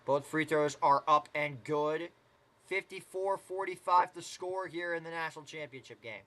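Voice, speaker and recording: Bright-voiced man calling a basketball game. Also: a little high, normal speed. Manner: casual, chatty asides and mild swearing. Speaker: play-by-play commentator. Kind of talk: live play-by-play commentary.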